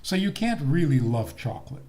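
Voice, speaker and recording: An older man, a rabbi, giving a talk on faith and marriage in a teasing, deliberate manner. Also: fairly high pitch. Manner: lively, teasing, slow deliberate delivery with laughs.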